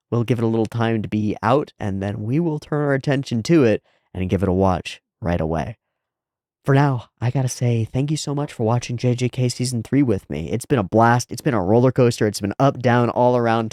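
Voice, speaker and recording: A man's voice: fairly low pitch, darkish tone, dry recording, clean studio sound. A man hosting an anime reaction channel, wrapping up a season with earnest, thoughtful casual commentary and filler words.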